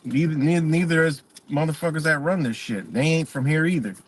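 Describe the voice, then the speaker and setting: Man ranting on a livestream, profane, rambling, repeats himself, slightly higher voice. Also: brisk, slightly rough. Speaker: channel host. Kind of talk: livestream rant.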